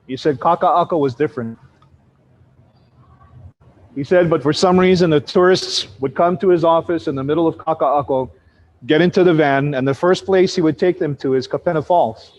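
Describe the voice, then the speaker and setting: A man telling a ghost story with vivid drama. His voice is slightly high, and the recording sounds dull and lo-fi. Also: darkish tone.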